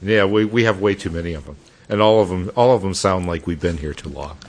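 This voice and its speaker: A man's voice: sits low, a little fast. An American man co-hosting a podcast, talking in a rambling, reflective way with many fillers and restarts. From United States. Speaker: podcast co-host. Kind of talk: casual podcast chat.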